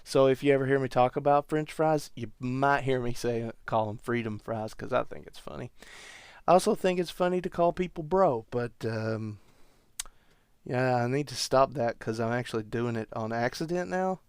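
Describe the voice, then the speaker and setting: Dude hosting a podcast, rambles and jokes at himself, mid pitch, dead dry sound. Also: male voice, moderate pace, clean tone, no echo. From United States. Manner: rambling, wry, self-mocking asides. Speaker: podcast host. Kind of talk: rambling comic monologue.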